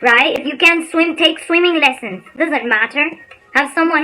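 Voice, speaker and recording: A woman giving a casual motivational talk on a livestream, an animated storyteller who speaks bluntly and swears casually. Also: sits high, moderate pace, soft background music, rough recording. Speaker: spiritual insights channel host.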